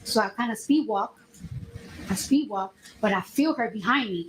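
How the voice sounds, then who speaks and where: A woman testifying as a witness in a courtroom, telling her story in an animated way and acting out the dialogue. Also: a little high, normal speed, slight background noise, low-quality recording.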